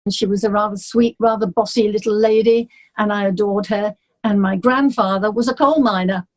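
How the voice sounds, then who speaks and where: An older woman from England, a singer, chatting as a guest and telling childhood stories in a lively, anecdotal way. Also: medium pitch, brisk, poor audio. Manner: chatty, warm anecdotes, laughs easily. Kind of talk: interview.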